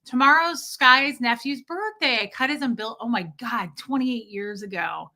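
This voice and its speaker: A woman's voice: on the high side, lively intonation, normal speed, hardly any pauses, bright, forceful tone. A woman in her forties hosting a casual livestream, rambling and chatty as she thanks viewers by name. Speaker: livestream host reading chat.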